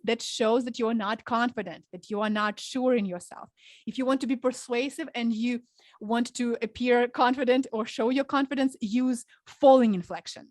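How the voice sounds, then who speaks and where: Earnest, fairly high-voiced woman coach. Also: no room sound. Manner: earnest, instructive, demonstrates vocal inflection. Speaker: public speaking coach, guest. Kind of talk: podcast interview, giving advice.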